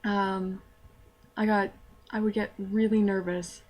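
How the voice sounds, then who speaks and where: A woman's voice: mid-range voice, level tone, darkish tone. A young woman, telling a self-deprecating story to camera in casual vlog style. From Canada. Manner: chatty, self-deprecating, quick asides. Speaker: vlogger.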